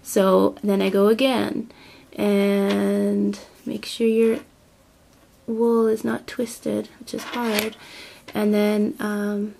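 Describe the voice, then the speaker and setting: A woman with a stuffy, nasal voice who sounds a little under the weather and short of breath. She talks casually and loosely, filling her pauses with ums as she walks through a demonstration. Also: medium pitch, level tone, creaky, dark tone, slight background noise. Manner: chatty, with many ums and self-corrections. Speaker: crafting video host.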